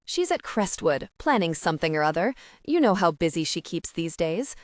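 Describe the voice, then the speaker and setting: A woman voicing a bustling older female housekeeper who talks briskly and chattily. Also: on the low side, very animated, dry recording, clean studio sound.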